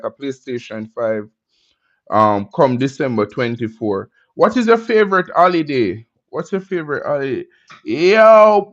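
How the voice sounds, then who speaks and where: A man hosting a casual livestream, greeting viewers in a laid-back way with Jamaican slang. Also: on the high side. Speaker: livestream host. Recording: dull lo-fi stream audio.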